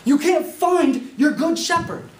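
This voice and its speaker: A man preaching a sermon as a student, telling a parable with lively storytelling and acted-out voices. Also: very high voice, measured pace. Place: university classroom. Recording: echoey classroom, mic far off, faint hiss.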